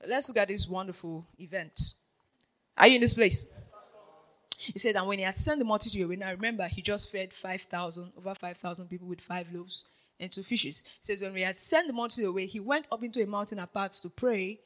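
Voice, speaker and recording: A preacher giving a lively sermon, dropping to a hush and then rising to shouts, laughing often and checking in with the congregation. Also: medium pitch, fairly quick, poor audio. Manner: animated, swings from hushed to shouting, laughs often; keeps checking in with the audience.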